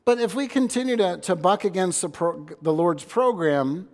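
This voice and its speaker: Brief: earnest male pastor giving a sermon, fairly high voice, reverberant church hall. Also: normal speed. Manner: earnest, repeats words as he restarts, shifts loudness for emphasis.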